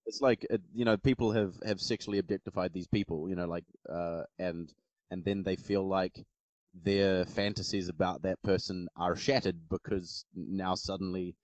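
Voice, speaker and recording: A man's voice: deep voice, fairly even intonation, normal speed, darkish tone, no room sound. A man on a casual panel discussion, sarcastic and swearing freely.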